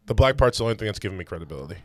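A man co-hosting a podcast, playful and quick-witted in casual banter. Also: fairly low pitch, expressive, fairly bright tone, no room sound, clean studio sound. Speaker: podcast co-host.

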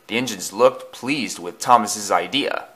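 A man reading a storybook aloud with expressive, dramatic narration. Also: fairly low pitch, a little slow.

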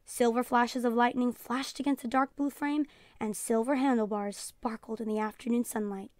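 A woman teacher reading a children's storybook aloud in a calm storytelling voice, announcing page numbers. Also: fairly high pitch, normal speed, dry recording, studio quality. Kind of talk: children's read-aloud narration.

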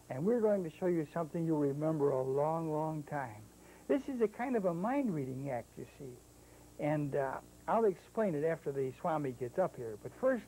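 A man with a high, mellow voice hosts a 1970s children's TV show as a magic clown. He talks in playful, coaxing patter to the kids at home and teases his puppet sidekick. Faint hiss sits under the old broadcast sound. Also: poor audio.

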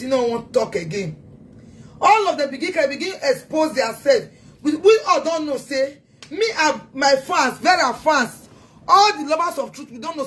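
A woman's voice: high-pitched, a bit bright, a little hiss or hum. A woman with a Nigerian accent delivering a heated, taunting social media rant as a self-styled activist. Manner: taunting, scolding, emphatic.

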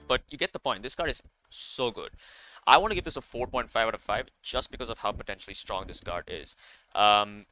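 A card game content creator with a fairly low voice, pushed and bright yet smooth, comments casually on a match. He's enthusiastic and rambling, full of fillers and corrections of himself.

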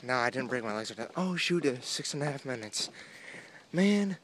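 Young male vlogger, mid-pitched and chatty, recorded outside on a handheld phone with noticeable noise. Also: brisk. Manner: rambling, self-mocking, chatty. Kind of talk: casual walking vlog. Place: outdoor boardwalk. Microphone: phone held at arm's length. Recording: outdoor phone audio with steady noise.

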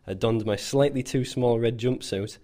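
A man's voice: medium pitch, normal speed, warm tone. A man narrating a scripted first-person story in a dry, self-mocking way. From England. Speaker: volunteer soldier.

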